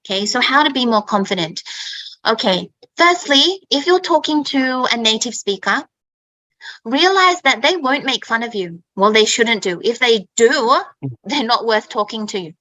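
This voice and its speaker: A woman's voice: on the high side, animated, normal speed, bright, forceful tone, no echo, rough recording. A woman who grew up in Australia, hosting an online English chat in an emphatic way, often checking in with "okay?". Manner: emphatic, repeats herself, keeps asking "okay?". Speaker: host and English teacher. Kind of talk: casual online teaching chat.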